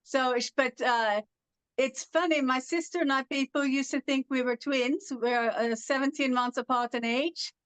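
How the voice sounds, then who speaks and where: A woman's voice: high-pitched, fairly even intonation, normal speed, a bit bright, clear, resonant tone, dry recording, rough recording. A woman from California whose speech has an unusual foreign-sounding accent from foreign accent syndrome, telling stories in an interview with many fillers. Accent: foreign accent syndrome, heard as European. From California, USA. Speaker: guest. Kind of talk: interview about her condition.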